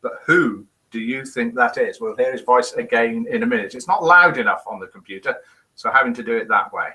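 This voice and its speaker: A man's voice: mid-range voice, a little fast, sharp tone, rough recording. A middle-aged man from the United Kingdom hosting a casual live morning show, reading out viewers' guesses with playful, chuckling quiz-master banter. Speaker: host of a daily live show. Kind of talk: casual live-stream chat, reading out comments.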